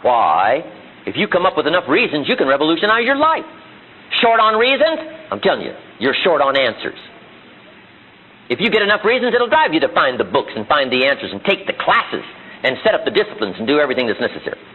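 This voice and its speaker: A man's voice: a little high, sing-song, a little fast, husky. A middle-aged man giving a motivational seminar speech, full of rhetorical questions and acted-out quotes. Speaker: motivational speaker. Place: seminar room with audience. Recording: tinny phone-like archive audio.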